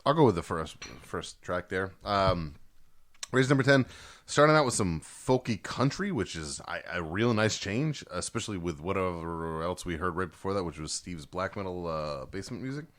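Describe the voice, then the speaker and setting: A man co-hosting a music podcast, talking in loud, excitable, profane banter while reviewing albums. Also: deep voice, normal speed. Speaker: podcast co-host. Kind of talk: casual chat reviewing albums.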